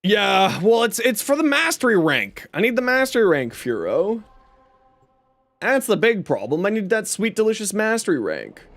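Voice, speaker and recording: Male streamer, high and animated voice, jokey, chatty live-stream banter. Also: normal speed, dry recording. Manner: playful, joking, chatty with chat. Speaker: game streamer. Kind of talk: casual live-stream chat with viewers.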